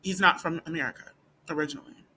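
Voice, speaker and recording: Bright-voiced woman venting emphatically. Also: fast talker, breathy edge. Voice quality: not a deep voice. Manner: emphatic, with rhetorical questions and repeated fillers. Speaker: student. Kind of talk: casual direct-to-camera vlog. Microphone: camera or phone facing speaker.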